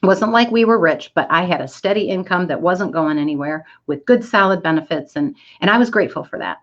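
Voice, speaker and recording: Lively storytelling woman, muffled audio. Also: lowish voice, a little fast. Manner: animated, acts out quoted voices. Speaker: speaker giving a talk. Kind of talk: storytelling talk. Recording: dull lo-fi audio.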